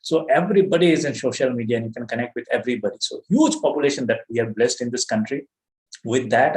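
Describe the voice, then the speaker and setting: A middle-aged man with an Indian accent giving an earnest, emphatic motivational talk to his business team, often saying "you know". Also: medium pitch. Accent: Indian English. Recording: roomy echo.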